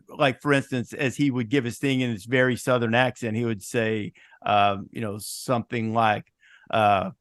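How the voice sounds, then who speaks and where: A man's voice: mid-range voice, fairly bright tone, no echo, studio quality. A man hosting a casual sports podcast, chatting and telling stories with easy laughs. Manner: chatty storyteller, laughs easily. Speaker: podcast host.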